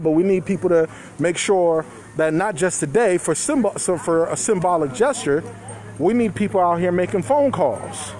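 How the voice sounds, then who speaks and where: With a high-sitting voice and a darkish tone, a man reports live by a street at a protest, chatting loosely and chuckling with his viewers. He holds his phone as the mic, and the faint sound of passing cars and street noise comes through.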